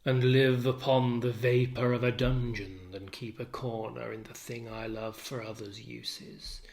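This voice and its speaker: A man voicing Othello, a tormented, jealous older husband, in a low, brooding recitation of verse. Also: level tone, measured pace, vocal fry, a little mellow.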